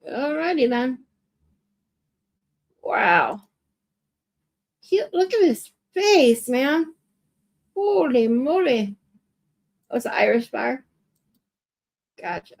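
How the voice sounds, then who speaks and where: A woman's voice: sits high, big pitch swings, extremely slow, creaky, pauses often. A woman hosting a livestream who reacts to clips in a bewildered, exasperated way and swears in her asides. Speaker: livestream host. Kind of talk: casual reaction commentary.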